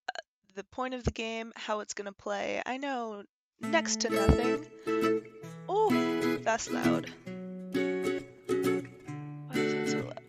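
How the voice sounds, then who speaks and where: Slow-talking, awkward woman streamer. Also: fairly high pitch, creaky. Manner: awkward, rambling, many fillers. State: hiccuping. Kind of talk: casual live-stream chat. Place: her bedroom. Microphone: headset.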